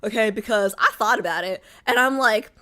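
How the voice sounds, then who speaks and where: A young woman hosts a livestream, her medium-pitched voice a little fast, pushed, and bright. She chats casually with her live viewers, rambling along with lots of filler words.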